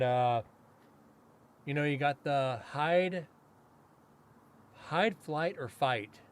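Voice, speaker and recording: There's a little hiss or hum as a podcast host who investigates the paranormal rambles through a long, casual story. His voice is medium-pitched; he fills it with fillers and restarts, chuckles, and quickly quotes what others said, acting out their lines.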